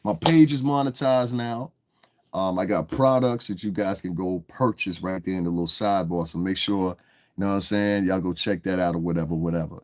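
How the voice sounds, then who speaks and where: A man's voice: deep voice, brisk, dry recording, studio quality. A man hosting a live stream, talking loosely and with lots of cursing to viewers in the chat. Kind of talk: casual live-stream commentary.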